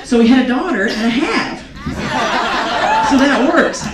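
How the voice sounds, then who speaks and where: A young woman performs stand-up on a comedy club stage, telling animated, self-mocking stories and acting out quotes in a high-pitched, unhurried voice. Recorded from a distance, the audio is echoey, with crowd noise and audience laughter.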